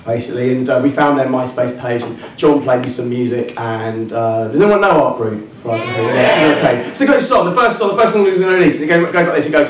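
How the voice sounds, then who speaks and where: A man's voice: mid-range voice, fast, hardly any pauses. A young adult man telling a comic story on stage in a self-mocking, hesitant way, with ums and restarts. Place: working men's club stage, indoors. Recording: echoey club with distant mic and audience. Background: live audience.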